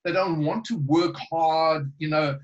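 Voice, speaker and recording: A man's voice: a little high, measured pace, dull audio. A man telling a joke and talking faith in a casual chat, rambling, chuckling and restarting often.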